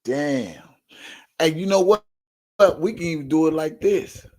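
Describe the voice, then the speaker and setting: A brash man, hosting an online show and talking profanely and loudly to his viewers. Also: a little high, lively intonation, a little slow. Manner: brash, loud, profane, repeatedly urging likes.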